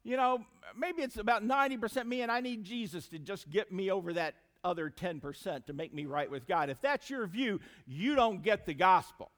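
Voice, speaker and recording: Pastor guy preaching, high voice, really lively up and down, talks right at the congregation. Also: a little fast, hardly any pauses. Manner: preaching with emphatic rises and drops, addressing the congregation as friends. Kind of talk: sermon.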